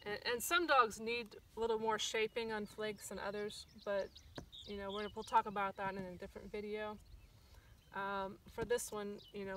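A woman's voice: mid-range voice, fairly bright tone, distant mic, a little hiss or hum. A woman stockdog trainer giving a casual outdoor lesson on herding dogs, with lots of ums and acted-out corrections. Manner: casual, many ums, acts out dog corrections. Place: outdoors at a rural field. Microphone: phone camera from a distance.

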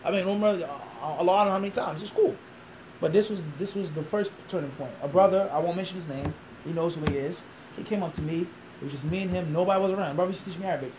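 Fast-talking high-voiced man. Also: noisy background. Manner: animated storyteller, acts out quoted dialogue, rhetorical questions. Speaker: interview guest. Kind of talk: storytelling interview.

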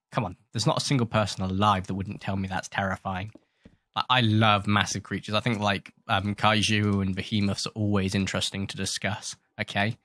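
A man talks over his gameplay in a loose, rambling way, cracking self-mocking jokes and telling off the sharks in his game. His voice sits fairly low, and the sound is dry and close with no room around it. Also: fairly bright tone, dry recording. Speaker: gaming channel host. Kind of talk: casual gameplay commentary.

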